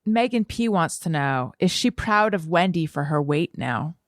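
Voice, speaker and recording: A woman's voice: lowish voice, lively intonation, measured pace, no room sound, studio quality. A woman hosting a casual podcast, reading listener questions aloud and laughing easily. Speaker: podcast host.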